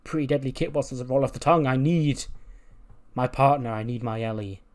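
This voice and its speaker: A man's voice: medium pitch, brisk, darkish tone, close to an everyday voice. A tearful young male wrestler whines and pleads about his lost partner, as a man voices him. He sounds self-pitying and close to sobbing. It comes across like a moment in a wrestling game's story. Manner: whiny, pleading.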